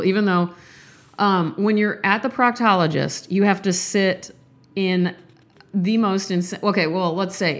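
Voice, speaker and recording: Candid woman hosting a podcast. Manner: candid, rambling, animated swings in pitch. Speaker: podcast host. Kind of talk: casual monologue.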